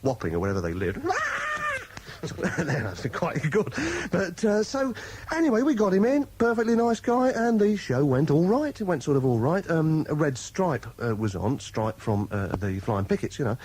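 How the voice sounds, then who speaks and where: A man's voice: a little high, normal speed, slight background noise, rough recording. A man presenting on radio, telling a long anecdote in casual chat, laughing and acting out voices as he goes. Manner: animated, laughing, acts out voices in his stories. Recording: 1980s radio broadcast.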